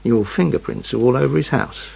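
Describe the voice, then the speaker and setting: A gravelly, cold interrogating official. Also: male voice, mid-range voice, darkish tone. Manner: clipped, unhurried, coolly evasive. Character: cold, evasive male bureaucrat-interrogator. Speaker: official investigating a crime.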